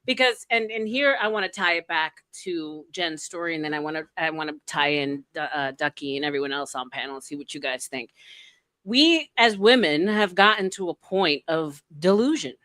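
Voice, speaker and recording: Woman host, low-pitched, steering the panel. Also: normal speed, no echo. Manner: lively, steering the conversation. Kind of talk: live panel talk show.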